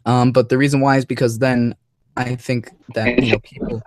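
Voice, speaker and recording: A man's voice: medium pitch, little pitch movement, moderate pace, a little mellow, no room sound. A young man hosting a live stream, chatting casually and rambling with many fillers and restarts. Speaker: host of a live toy-review show.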